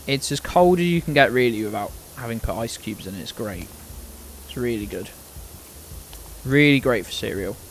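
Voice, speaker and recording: A British man chatting casually while he plays a game on stream, at a mid-range pitch. He rambles between thoughts, swears offhandedly and lets lines fade into mumbles. A faint hiss runs underneath. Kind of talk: casual gaming chat.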